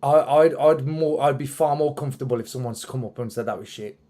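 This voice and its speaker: A man hosting a relaxed interview chat. His voice is warm and mellow, and he rambles with plenty of fillers and restarts. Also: mid-range voice, fairly quick. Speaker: podcast host and musician.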